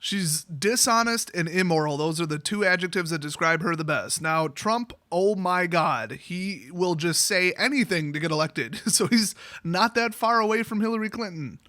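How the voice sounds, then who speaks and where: Sarcastic ranting man with a bright voice. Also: high-pitched, normal speed, hardly any pauses, no echo, studio quality. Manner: sarcastic, exasperated, mocking voices. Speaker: YouTuber. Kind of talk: political rant.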